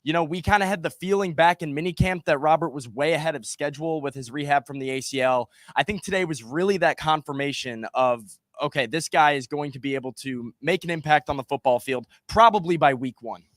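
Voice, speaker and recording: A man co-hosting a sports talk show, breaking down football plays in a measured, casual way. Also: on the high side, fairly bright tone, no echo, clean studio sound. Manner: measured, analytical, uses "I mean" and "you know". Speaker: sports podcast co-host.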